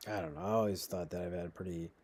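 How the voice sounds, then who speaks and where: Halting, rambling man on a livestream. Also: sits low, steady tone, darkish tone. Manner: rambling, halting, many restarts and fillers; chuckles often while talking. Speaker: livestream host reading chat. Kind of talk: casual livestream chat.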